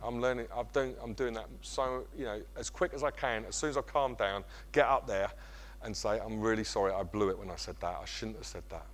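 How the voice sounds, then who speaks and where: A middle-aged man preaching a sermon, animated and self-mocking. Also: on the low side, fairly quick. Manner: animated, self-mocking, acts out kids' voices. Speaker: pastor.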